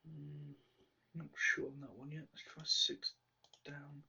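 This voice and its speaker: A man solving a crossword aloud, musing slowly with half-whispered asides. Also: fairly high pitch, flat delivery, creaky, sharp tone, breathy edge, far from the mic. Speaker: crossword solver. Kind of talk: thinking aloud while solving. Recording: slightly dull lo-fi sound.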